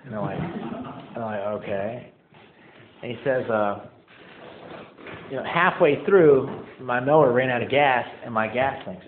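A man's voice: medium pitch, a little hiss or hum. Casting: man, casual self-mocking storyteller at a meeting, quotes others in put-on voices; thin tinny sound. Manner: casual, self-mocking, filler-heavy with many "like"s; acts out quoted people in his story. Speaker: speaker sharing his recovery story. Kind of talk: storytelling talk to a live audience. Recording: tinny, echoey hall recording.

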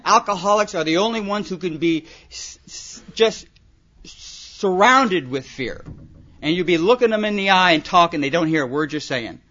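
A man's voice: high voice, lively intonation, moderate pace, sharp tone. A man telling funny stories from his life to a recovery meeting, rambling and dropping "you know" and "man" constantly. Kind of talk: comic storytelling talk to an audience. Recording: muffled recording with audience laughter. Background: audience laughing.

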